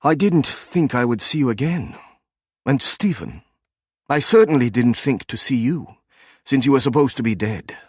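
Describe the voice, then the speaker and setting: A man voicing a composed young German academic doctor with a soft German accent, in an audiobook. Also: mid-range voice, lively intonation, normal speed, slightly rough, no echo, studio quality, voice pushed up.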